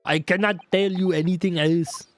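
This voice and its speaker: A man's voice: high voice, fairly even intonation, normal speed, soft background music, lightly acted. A man voicing a genial male prison governor in a video game, hearty and chatty.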